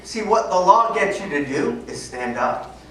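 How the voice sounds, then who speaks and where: A woman telling a story in a sermon, acting out the dialogue in a lively, conversational way. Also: on the low side, a little slow. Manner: animated, conversational, acts out dialogue. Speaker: preacher. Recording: echoey hall from far off, noisy.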